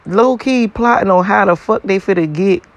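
High-voiced man ranting bluntly. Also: moderate pace. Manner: blunt, profane, repetitive, laughing between points. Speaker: vlogger. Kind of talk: casual rant to camera.

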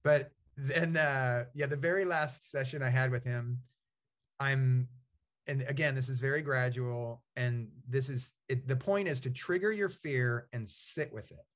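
A man's voice: mid-range voice, unhurried, fairly bright tone. A man, an author and guest in a casual interview, talks in a rambling, storytelling way with many fillers and restarts.

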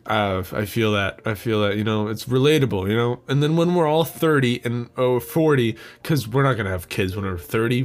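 A young man hosting a podcast alone, rambling through a sarcastic, swear-heavy comedic rant. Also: medium pitch. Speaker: podcast host.

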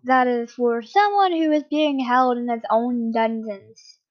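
A woman's voice: fairly high pitch, unhurried, lo-fi sound, close to an everyday voice. A woman reading aloud, voicing a captive king who answers his captors with sarcasm and clipped anger. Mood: defiant. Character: angry defiant captive male king.

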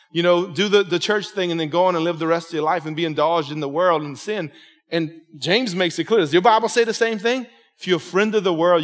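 A man in his forties preaching a sermon with a slightly raised pitch, his words landing with conversational emphasis. He keeps checking in with the congregation. A long church reverb trails after each phrase. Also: fairly bright tone. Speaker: pastor.

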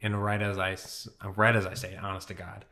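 A man's voice: low-pitched, flat delivery, fairly quick, bright, forceful tone. A man in his twenties, a podcast guest, telling his faith testimony in a chatty way, with many "you know"s and "dude"s. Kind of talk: casual testimony storytelling.

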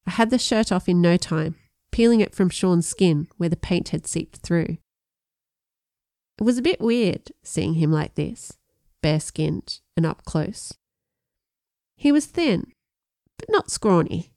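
A woman's voice: on the low side, vocal fry, dry recording. Woman narrating, dry close sound. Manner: measured storytelling with lively voiced dialogue. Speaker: audiobook narrator. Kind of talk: first-person audiobook narration.

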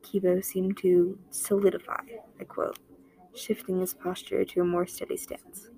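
A woman reading an original short story aloud, voicing the dialogue herself and dropping to a near-whisper in quiet moments. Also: lowish voice, monotone, measured pace, low-quality recording. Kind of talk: amateur story narration with dialogue.

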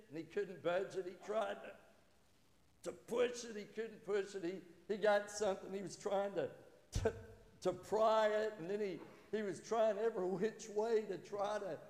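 A man's voice: high-pitched, darkish tone. Man preaching in an echoey church hall. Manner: conversational, halting restarts, acts out quoted voices. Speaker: pastor. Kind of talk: sermon with jokes and stories. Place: church sanctuary.

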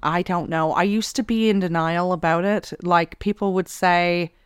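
A young Canadian woman co-hosting a podcast, trading dry, deadpan wisecracks in casual chat. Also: fairly low pitch, moderate pace, smooth, dry recording. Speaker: podcast co-host.

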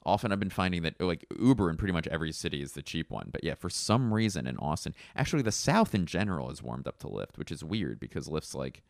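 A stand-up comedian from Philadelphia telling a rambling, casual anecdote full of fillers and self-corrections. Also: male voice, a bass voice, sing-song, fast, creaky, few pauses, dry recording, clean studio sound.

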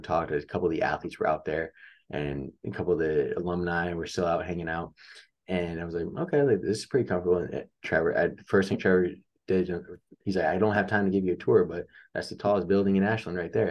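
A young man with a very low, deep voice talks casually as a guest on an interview show. He tells a story about his coaching career and plays each person's lines himself as it unfolds. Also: quick pace, dull audio. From upstate New York. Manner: animated storyteller acting out quoted dialogue.

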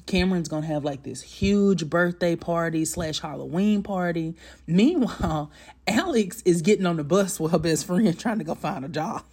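A man's voice: fairly high pitch, lively intonation, normal speed, a little mellow, slightly rough. A man giving a casual, chatty movie recap, laughing often and poking fun at himself. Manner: chatty, laughing, self-mocking, slangy. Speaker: movie reviewer.

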